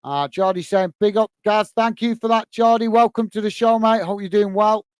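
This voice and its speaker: A British man with a fairly high voice hosts a live football watch-along at a moderate pace, calling the action and reading viewers' messages in a warm, chatty manner. He greets people by name and says "uh" often. His smooth, clear voice is close-miked and dry, with no echo.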